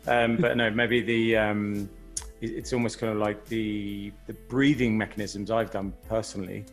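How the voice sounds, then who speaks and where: Gravelly low-voiced male interviewer. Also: little pitch movement, normal speed, faint music behind. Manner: rambling questions with restarts. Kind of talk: conversational interview.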